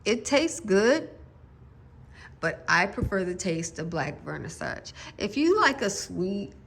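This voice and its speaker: A woman's voice: medium pitch, big pitch swings, takes it slowly, gravelly, a bit bright, a little hiss or hum. A woman gardening vlogger chatting casually and musing aloud, with self-deprecating asides. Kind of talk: casual chat.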